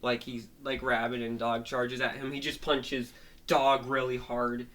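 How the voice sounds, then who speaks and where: Casting note: slow, bright-toned amateur storyteller who rambles through restarts. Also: mid-range voice, flat delivery. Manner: halting, many restarts and fillers. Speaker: storyteller retelling a cartoon episode. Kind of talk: rambling spoken retelling.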